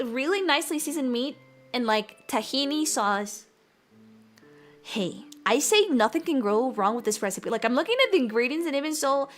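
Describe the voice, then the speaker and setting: Young female streamer, bright high register, loose chatty delivery that laughs a lot, soft music underneath. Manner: chatty, giggly, rambling with frequent laughs. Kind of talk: casual cooking stream chat.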